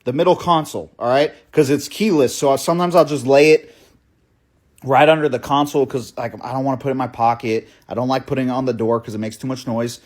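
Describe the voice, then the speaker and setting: A man's voice: medium pitch, fairly even intonation. A young man telling a story in a casual, profane way, often asking "right?" and calling the listener "bro". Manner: fast, breathless storytelling with many restarts. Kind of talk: storytime monologue.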